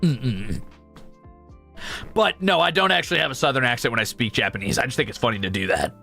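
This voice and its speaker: A man with a faint Midwestern American accent chats casually to his viewers, rambling through asides and quick laughs. His voice is bright and forceful with a gravelly edge. Soft music plays underneath. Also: mid-range voice. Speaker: streamer.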